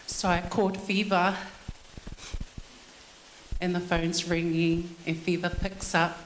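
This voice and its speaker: A woman's voice: on the low side, level tone, slow, reverberant, a little hiss or hum, rough recording. Woman telling stories at a funeral. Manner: chatty storytelling with fillers. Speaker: daughter-in-law giving a tribute. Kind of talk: funeral tribute speech. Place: church hall.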